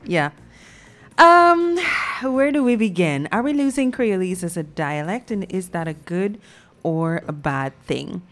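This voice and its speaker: A woman hosting a discussion, deliberate and building her points in lists. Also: on the low side, expressive, fairly bright tone. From Guyana. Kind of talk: measured discussion.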